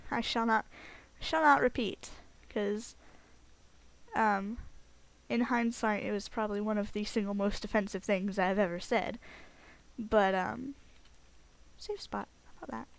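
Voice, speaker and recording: A woman giving casual gameplay commentary as a let's play host, chatty and rambling, getting excitable at game events. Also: mid-range voice.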